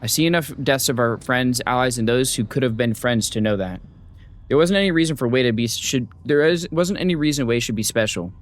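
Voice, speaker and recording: Excitable swearing male game streamer. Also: medium pitch, brisk. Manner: excitable, swears freely, hype outbursts. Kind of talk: reading a game story aloud with live reactions. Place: home streaming setup.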